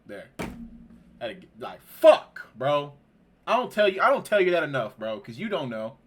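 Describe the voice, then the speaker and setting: A man giving let's-play commentary on a game, slangy and profane, shaken and near tears, swinging from quiet mumbling to outbursts. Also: a little high, very animated, a little fast, slight background noise. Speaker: gaming YouTuber.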